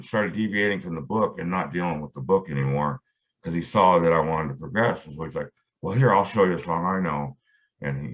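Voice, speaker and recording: A middle-aged man, a guitarist being interviewed, telling a long story in a rambling way with lots of fillers and restarts. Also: low voice. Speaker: guitarist guest. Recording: dull lo-fi audio.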